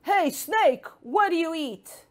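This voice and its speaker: A woman voicing a small, loud-mouthed frog in a children's storybook reading, shouting its questions brashly. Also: extremely high pitch, animated, slow pace, pitched above the performer's own voice, heavily acted. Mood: loud, nosy.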